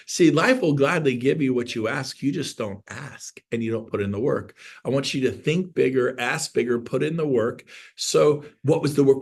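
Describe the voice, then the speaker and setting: A man's voice: mid-range voice, moderate pace. A man in his fifties giving a motivational real estate coaching talk on a video call, emphatic and preachy, repeating key points and acting out quotes. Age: 50s.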